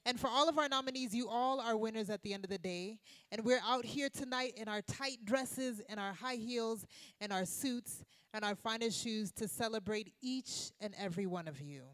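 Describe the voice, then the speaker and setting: A woman's voice: on the high side, moderate pace, a bit bright, no echo. A woman hosting an awards gala, upbeat and drawing responses from the crowd. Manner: upbeat crowd-engaging emcee. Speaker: event host. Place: banquet hall at an evening event.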